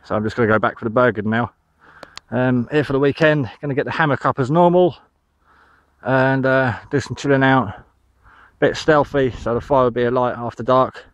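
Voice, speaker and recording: A man's voice: mid-range voice, normal speed, dry recording, muffled recording. A man from the United Kingdom vlogging outdoors in a field, slightly out of breath, talking in a rambling way with many ums. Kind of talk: casual outdoor vlog.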